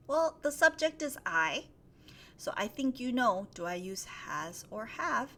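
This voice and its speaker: Bright-voiced woman teaching English live. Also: a little high, sing-song, measured pace. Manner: encouraging, reads out viewers' sentences and corrects them; spells out endings letter by letter, stretches key words. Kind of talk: live online grammar lesson.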